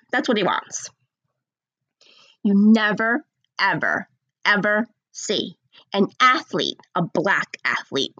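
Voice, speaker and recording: A woman giving a blunt, sarcastic opinion rant, slowing down to stress her points. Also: a little high, no room sound, muffled recording.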